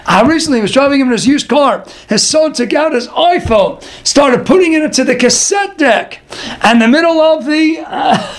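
A man telling a religious story in an animated, dramatic way, sprinkling in Hebrew and Yiddish words. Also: very high voice, normal speed. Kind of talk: storytelling sermon.

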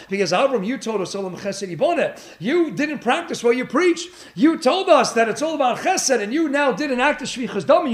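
A man giving an animated Torah lecture, full of rhetorical questions and Hebrew terms. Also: very high voice, reverberant. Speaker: rabbi giving a Torah class.

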